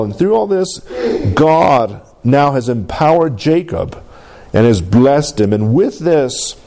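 This pastor has a medium-pitched voice with a dark tone. He preaches in a conversational way, frequently pausing to ask his congregation "Amen?"

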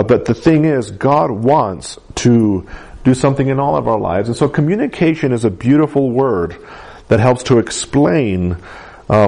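Conversational male preacher, mid-pitched. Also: dark tone. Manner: conversational, anecdotal preaching with frequent fillers. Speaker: pastor. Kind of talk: sermon.

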